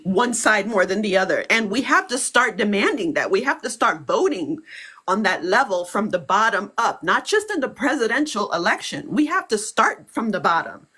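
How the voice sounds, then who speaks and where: A woman's voice: mid-range voice, sing-song, normal speed, sharp tone, husky. A woman calling in to a live stream who speaks in an emotional, pleading way. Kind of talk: casual live stream chat.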